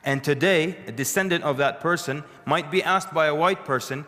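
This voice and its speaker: A man's voice: on the high side, normal speed, hardly any pauses, a bit bright. A man giving a lecture to a live audience, telling stories conversationally with dry humorous asides. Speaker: speaker addressing an audience. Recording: long reverb of a lecture hall.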